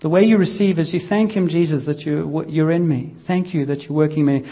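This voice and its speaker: A man leading a casual church healing session, gently coaxing and joking with the congregation. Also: fairly high pitch, fairly quick, lo-fi sound. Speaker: pastor leading healing prayer.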